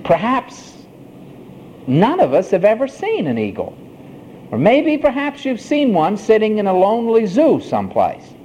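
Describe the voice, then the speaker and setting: A man preaching a sermon, emphatic, with a swooping preacher's cadence and slow, drawn-out phrases. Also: high-pitched, wildly swooping pitch, dark tone, lo-fi sound, slight background noise.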